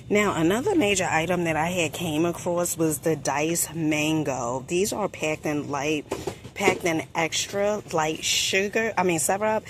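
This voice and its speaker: A woman from New Jersey chatting through a store haul vlog, sassy and quick with asides, calling viewers honey. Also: lowish voice, background noise. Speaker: shopping haul vlogger. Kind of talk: casual product review vlog. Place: inside a store.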